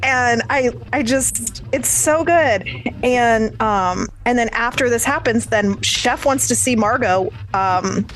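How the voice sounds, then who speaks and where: A woman co-hosting a podcast, chatting casually about a movie and retelling scenes in an animated way, with plenty of "like" and the odd swear. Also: fairly high pitch, slow pace, few pauses, faint music behind. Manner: animated storytelling, swears, says "like" a lot. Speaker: podcast co-host.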